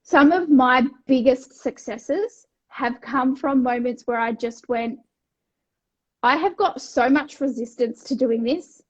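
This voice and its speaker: A high-pitched Australian woman in her thirties chats energetically on a coaching podcast. She is blunt and swears freely, slipping into voices for her own past thoughts. The recording has a slightly dull, lo-fi sound. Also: slow. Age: 30s. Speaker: wellness coach and co-host. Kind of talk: casual podcast chat.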